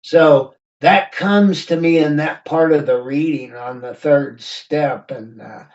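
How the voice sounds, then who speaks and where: A man's voice: a little high, slow pace, a little mellow. An older man who is a guest on a recovery podcast, speaking in a thoughtful, musing and self-deprecating way over a remote call. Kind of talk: reflective recovery talk. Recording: distant, muffled remote audio.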